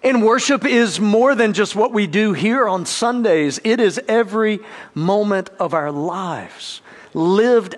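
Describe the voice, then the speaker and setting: A male pastor preaching a sermon in an earnest style, lifting his voice when he acts out quoted speakers. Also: high-pitched.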